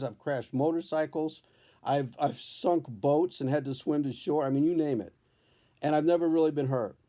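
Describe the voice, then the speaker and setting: A man who is a comedian, telling a personal story at home in a candid, profane, animated storytelling way. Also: medium pitch. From New Hampshire. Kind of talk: storytelling vlog. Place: his home, indoors.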